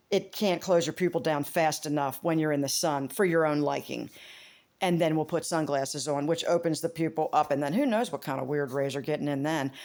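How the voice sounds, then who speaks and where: A woman vlogger talking in a casual, rambling monologue, swearing and laughing often, with big jumps in pitch. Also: a little mellow.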